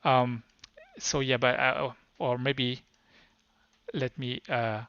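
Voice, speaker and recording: A man with a French accent, a native French speaker, giving a live tech demo at a conference in a halting way with many restarts. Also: mid-range voice, little pitch movement, a bit bright, smooth, dry recording. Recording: dull lo-fi sound.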